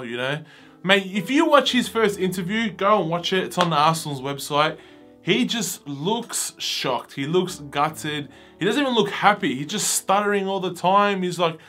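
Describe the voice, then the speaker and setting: A man's voice: on the high side, very animated, moderate pace, pushed and bright, soft background music. "mate"-saying man. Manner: says "mate" constantly, emotional and wistful. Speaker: football vlogger. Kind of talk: casual fan rant to camera.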